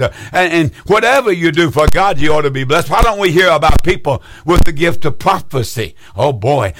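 A man's voice: a little high, fairly bright tone. A man in his seventies hosting a call-in program as a preacher, fervent and repeating phrases for emphasis. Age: 70s.

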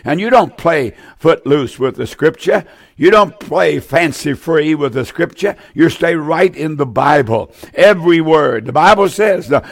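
An older man preaching a sermon, fervent and repetitive, dwelling on each verse. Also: a little high. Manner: fervent, repeats key phrases, draws out verses.

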